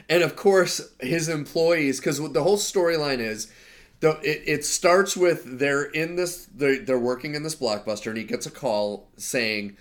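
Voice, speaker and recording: A man's voice: fairly high pitch, a little slow. A man co-hosting a casual podcast, rambling through movie stories and laughing as he retells scenes. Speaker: podcast co-host. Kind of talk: casual chat.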